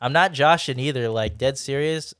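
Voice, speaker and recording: A man's voice: mid-range voice, moderate pace, a bit bright, no room sound, studio quality. A young man hosting a casual group podcast, chatty and rambling, laughing often. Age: young adult. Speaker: podcast host.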